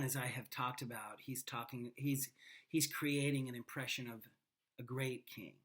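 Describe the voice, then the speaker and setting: A woman teacher giving a classroom lecture on a play, talking emphatically and animatedly with quiet asides. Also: rumbling low.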